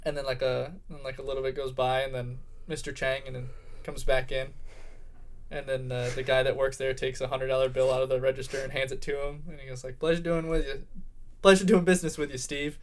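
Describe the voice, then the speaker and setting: A man's voice: monotone, brisk, slight background noise. A young man co-hosting a casual podcast, retelling a comedy sketch in a rambling way and slipping into voices for the people in it. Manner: rambling storyteller, acts out characters in high voices. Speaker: podcast co-host.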